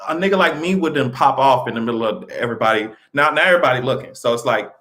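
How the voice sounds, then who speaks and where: A man hosting a casual livestream, talking in an animated, profane way with sudden jumps in pitch and frequent laughter. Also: quick pace. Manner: laughs often between remarks. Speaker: livestream host.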